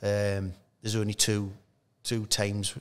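A middle-aged man with a Geordie accent, a podcast guest telling stories in casual chat with halting restarts. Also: on the low side, clean tone. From Newcastle, England. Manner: relaxed storytelling, halting restarts, laughs through anecdotes. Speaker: podcast guest, former footballer.

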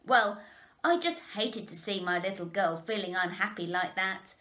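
A woman reading aloud as a boastful rich father who owns a peanut factory, telling his tale in a lively, bragging way. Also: mid-range voice, moderate pace, close to an everyday voice.

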